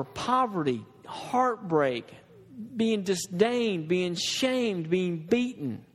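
A man's voice: high voice, fairly bright tone, long reverb tail. A man preaching a sermon in an earnest, conversational way, with restarts and asides to the congregation.

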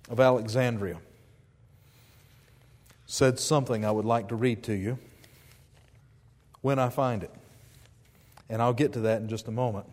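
A man's voice: medium pitch, a little mellow, big-room sound. A man preaching a sermon as pastor, emphatic and rising on key phrases, with light asides. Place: church sanctuary.

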